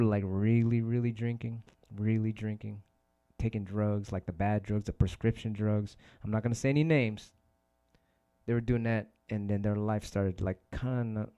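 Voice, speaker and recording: A man's voice: on the low side, dark tone, clean tone. A man hosting a casual livestream chat, rambling and swearing a lot, often repeating his phrases. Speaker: DJ and host.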